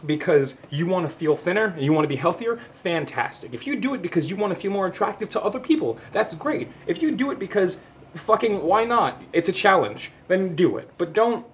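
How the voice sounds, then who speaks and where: A man's voice: high voice, big pitch swings, a little fast, slight background noise. A young man giving a heartfelt personal monologue to camera, passionate and emotional, swearing often and tripping over repeated words. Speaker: vlogger.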